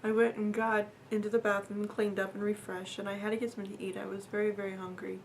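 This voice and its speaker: A woman earnestly telling a personal story in a casual, halting way, with fillers and repeats, her voice sometimes dropping to a near whisper. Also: medium pitch, flat delivery, a little hiss or hum.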